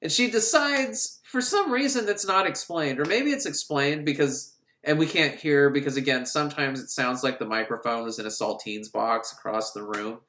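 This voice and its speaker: A man's voice: fairly high pitch, moderate pace, sharp tone, slight background noise. A man giving a rambling, profane, sarcastic comic recap of a film. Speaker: film reviewer. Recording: echoey room.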